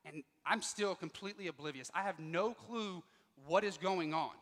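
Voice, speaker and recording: Animated male speaker, bright voice in a hall. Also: high voice, fairly quick. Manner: animated, acts out quoted dialogue. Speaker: motivational speaker. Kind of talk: personal storytelling speech to students. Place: school auditorium.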